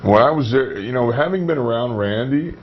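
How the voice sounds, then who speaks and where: A man's voice: mid-range voice, expressive, a little fast. A man, a guest, telling stories in a rambling, casual way full of restarts. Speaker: wrestler guest. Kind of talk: casual storytelling. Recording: dull, slightly noisy recording.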